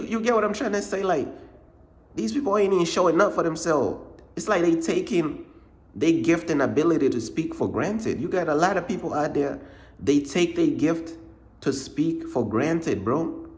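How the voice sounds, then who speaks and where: Brief: man, higher-pitched, informal faith pep talk, slangy and repetitive, keeps hammering the point home. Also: normal speed. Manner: repetitive, informal slang, says "bruh" a lot; emphatic, circles back to points. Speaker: ministry channel host. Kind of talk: casual motivational faith talk.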